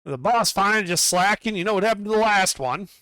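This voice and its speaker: A bossy dwarf foreman barks orders, put on by a man. He is gruff and scolding and pushes his voice high. The room is dry and close. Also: animated, fairly quick, sharp tone, dry recording. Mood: warning. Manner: barking, scolding, calls people lad.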